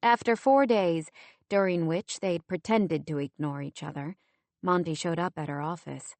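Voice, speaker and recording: Steady woman audiobook narrator. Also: lowish voice, no room sound. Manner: steady, measured storytelling. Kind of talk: scripted narration.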